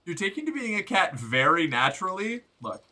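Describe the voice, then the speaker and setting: A man streaming a game, giving excitable, joking commentary with crude humor. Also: sits high, brisk. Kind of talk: gameplay commentary.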